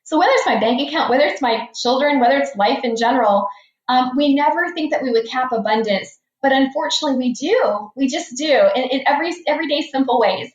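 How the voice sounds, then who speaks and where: A woman in her forties speaking as a financial coach, with a fairly high voice. She tells stories earnestly and leans on repeated phrases. The sound is roomy and a little dull, like a lo-fi podcast. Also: fast talker. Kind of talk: podcast interview storytelling. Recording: echoey room, dull lo-fi sound.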